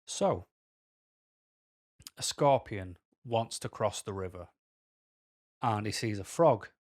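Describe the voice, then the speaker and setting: A man's voice: fairly low pitch, animated, takes it slowly. A man with a Mancunian accent talking candidly to camera as a vlogger, rambling through personal stories with tangents.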